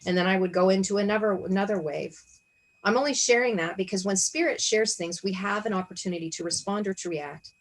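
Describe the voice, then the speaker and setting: A woman's voice: mid-range voice, a little fast, rough recording. A woman hosting a spiritual discussion on a video call, talking earnestly and reflectively, often asking herself questions aloud. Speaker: Bible study discussion host. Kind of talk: casual spiritual teaching over a video call.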